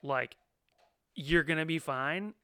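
A man in a casual chat as a new father, talking in excited, rambling bursts with lots of "like" and the odd swear word. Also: a little high, slow pace, clean tone, dry recording.

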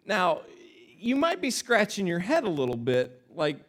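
Pastor guy telling a goofy story in his sermon, animated, pitch all over the place. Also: unhurried. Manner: animated, self-deprecating, acts out quotes. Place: church.

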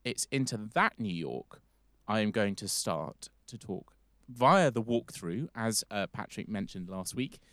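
A man's voice: lowish voice, expressive, measured pace, few pauses, fairly bright tone, no echo, clean studio sound. An English man hosting a casual history podcast, rambling and correcting himself as he goes. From England. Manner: rambling, self-correcting, chatty. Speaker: podcast host.

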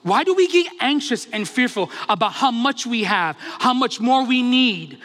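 Man, pastor, impassioned sermon, high bright voice, long hall reverb. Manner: impassioned, asks rapid rhetorical questions.

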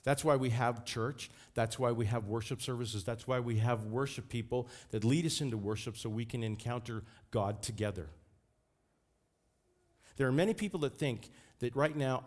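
A man's voice: medium pitch, normal speed. A man preaching a sermon as pastor, fervent and emphatic.

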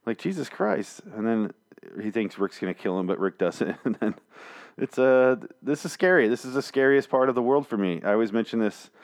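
A man's voice: on the low side, brisk. A man recapping comic chapters in a casual, rambling, sarcastic monologue, swearing freely and slipping into mock voices. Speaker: comic book reviewer.

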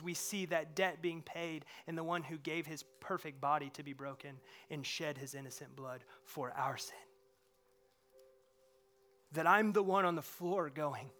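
A male pastor delivers a sermon in a church sanctuary with a high, ringing, bright voice. He swings between fervent, loud exclamations and soft, hushed passages.

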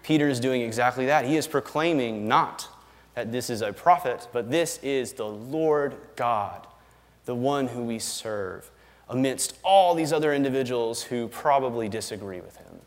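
A man delivers a sermon in a relaxed, conversational manner that builds into firm, emphatic declarations. His voice sits at an ordinary middle pitch for a man. The sound rings out with the long reverb of a large hall. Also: moderate pace. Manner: conversational and emphatic, tags lines with "right?" and chuckles. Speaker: pastor.

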